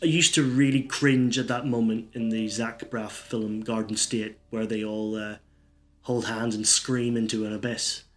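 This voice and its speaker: A man's voice: lowish voice, level tone, measured pace, faint music behind. Rambling man telling one-liners. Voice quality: rambling, self-interrupting. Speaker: stand-up comedian.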